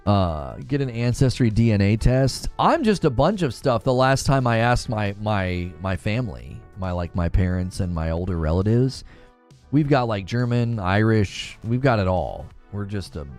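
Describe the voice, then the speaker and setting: A man's voice: fairly low pitch, animated, a little slow, a little mellow, soft background music. A man chatting casually on a gaming live stream, rambling and correcting himself as he talks. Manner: rambling, self-correcting, laughs often.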